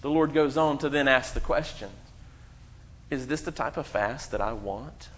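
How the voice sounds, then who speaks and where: A male pastor preaches emphatically, quoting scripture and using dramatic pauses. The sound is muffled and low-fidelity, with a noisy background.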